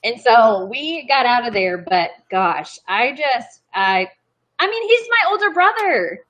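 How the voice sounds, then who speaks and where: A woman's voice: a little high, sing-song, measured pace, fairly bright tone, lo-fi sound. A young woman guest telling family stories in casual chat, chatty and often interrupting herself. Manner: chatty, self-interrupting, apologetic.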